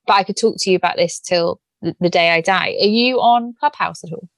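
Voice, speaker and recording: A woman's voice: fairly low pitch, fairly quick, dry recording. British podcast host lady, teasing, blunt, dry close sound. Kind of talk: casual podcast interview.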